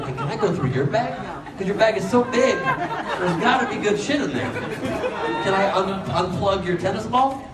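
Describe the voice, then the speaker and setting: A man doing improvised stand-up crowd work, teasing the audience with brash, profane jokes and frequent laughter. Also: mid-range voice. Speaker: stand-up comedian. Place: comedy club stage. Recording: echoey club, distant, loud crowd. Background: audience laughter and chatter.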